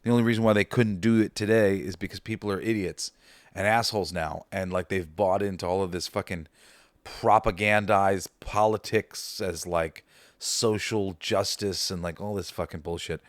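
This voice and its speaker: A man hosting a podcast, chatting casually and excitedly about favorite comedy films, swearing and laughing as he retells scenes. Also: low-pitched, moderate pace, no echo, clean studio sound. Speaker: podcast host. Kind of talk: casual movie ranking chat.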